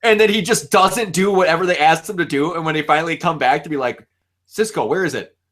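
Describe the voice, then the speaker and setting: A young man hosting a casual fan chat, animated and laughing often, acting out lines as he talks. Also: a little high, quick pace. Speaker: show host.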